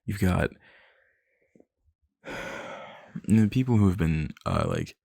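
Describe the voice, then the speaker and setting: A man's voice: sits low, huge pitch swings, slow, gravelly, warm tone, dry recording. A young man in an ASMR boyfriend role-play, rambling nervously, laughing and swearing as he talks into a close mic.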